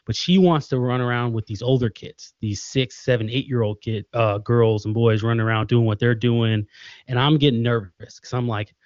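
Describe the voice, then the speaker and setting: Animated storytelling dad on a call. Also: male voice, mid-range voice, normal speed, dry recording. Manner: animated storytelling, acts out quoted voices. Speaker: podcast guest, father. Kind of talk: casual conversation. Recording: muffled lo-fi call audio.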